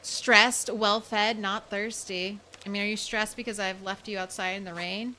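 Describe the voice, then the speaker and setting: A woman's voice: medium pitch, moderate pace, hardly any pauses, sharp tone. A young woman streaming a survival game, chatting casually and swearing now and then as she talks to viewers and her animals. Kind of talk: casual gameplay commentary.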